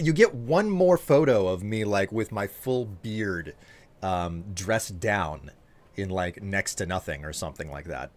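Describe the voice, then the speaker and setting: A man streaming live, chatting casually and teasing his viewers while thanking them by name. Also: on the low side.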